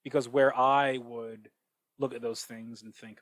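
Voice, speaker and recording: A man hosting his own podcast, thinking out loud in a casual monologue with many restarts and asides. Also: mid-range voice, a little slow, no room sound, poor audio. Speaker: podcast host. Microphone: cheap microphone. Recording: dry, close cheap-mic sound.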